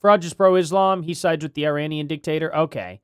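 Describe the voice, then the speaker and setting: A man's voice: on the high side, steady tone, fairly quick, clear, resonant tone, dry recording, studio quality. A male live-stream host chatting casually, thinking aloud and rambling with questions to himself and his chat.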